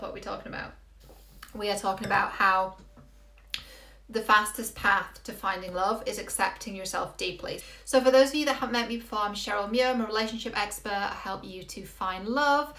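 A woman's voice: mid-range voice, fairly bright tone. A woman, coaching viewers earnestly and asking many rhetorical questions. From England. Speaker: relationship coach. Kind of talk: motivational video talk. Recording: roomy echo.

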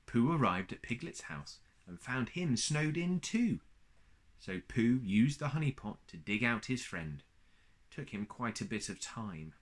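In a gentle, expressive way, a man with a mid-range voice reads a children's story aloud at a measured pace.

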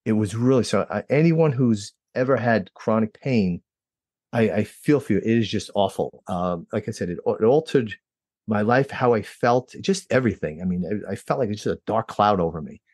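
A man's voice: moderate pace, husky, no room sound. Storytelling man from New Jersey, dry sound. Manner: lively, acts out quoted dialogue with pitch jumps. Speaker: interview guest. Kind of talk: personal storytelling.

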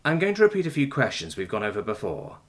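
A man voicing a calm, patient male interrogator who questions mildly and evenly. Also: mid-range voice, quick pace. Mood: calm probing. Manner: mild, even, coaxing questioning.

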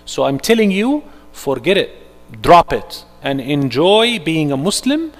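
A man giving a live workshop sermon, swinging from hushed to loud and urgent, mixing in Arabic phrases. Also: on the high side, very animated, unhurried. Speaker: Islamic speaker. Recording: echoey hall.

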